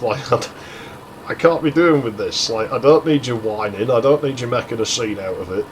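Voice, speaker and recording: A man's voice: medium pitch, normal speed, a little hiss or hum, poor audio. A young man casually telling a crude story over gameplay, rambling and swearing freely. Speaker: gaming channel host.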